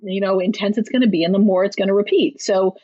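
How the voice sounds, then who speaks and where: Chatty woman author with a husky voice. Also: fairly even intonation, quick pace, mellow, dry recording, dull audio. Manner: chatty, emphatic, acts out quotes in a higher voice. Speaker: parenting author and guest. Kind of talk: podcast interview.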